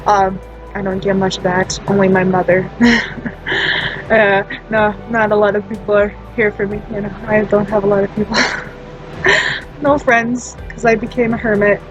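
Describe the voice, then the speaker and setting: A woman's voice: mid-range voice, fairly even intonation, normal speed, pauses often, dull audio, faint music behind. A woman in her twenties rambling through a casual personal story, laughing often and poking fun at herself. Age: 20s. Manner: laughs often, self-deprecating. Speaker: storytime vlogger.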